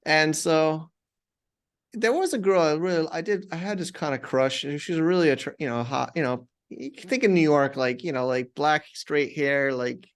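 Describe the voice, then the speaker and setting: A man, a podcast guest, telling a personal story conversationally with many restarts and animated retellings. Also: fairly high pitch, moderate pace.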